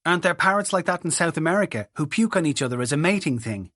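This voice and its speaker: Brief: man doing a quick-tongued, scoffing teen girl, pitched up, for a storybook read. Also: lively intonation, a bit bright, dry recording, studio quality. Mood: teasing. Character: sardonic teenage Irish girl, mocking her dad.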